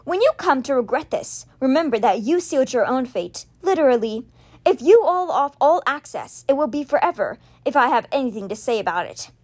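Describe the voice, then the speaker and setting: A woman's voice: high-pitched, very animated, a little fast, a little mellow. A woman voicing an angry, defiant young male wizard confronting his brother, bitter and heated.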